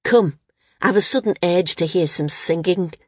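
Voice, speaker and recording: A woman's voice: lowish voice, moderate pace, husky, no room sound, studio quality. A woman voicing a curt, sneering male flyer who speaks sharply.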